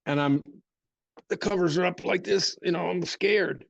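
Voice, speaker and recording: An older man telling a personal story as an interview guest, with rambling restarts and frequent throat clearing. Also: high-pitched, moderate pace, highs cut off. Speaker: interview guest, martial arts teacher.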